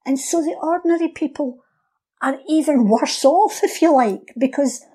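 A woman with a mellow, warm voice talks through history in a relaxed podcast conversation. She tells it like a lively story and slips into the voices of the people she quotes. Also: sits high, moderate pace. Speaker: guest explaining history. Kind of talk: casual history podcast chat.

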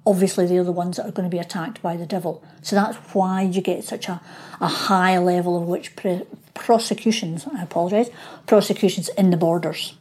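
Mellow-voiced woman historian. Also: lowish voice, fairly even intonation, a little fast, breathy edge. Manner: explanatory, acts out quoted voices. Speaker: local historian guest. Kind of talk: interview.

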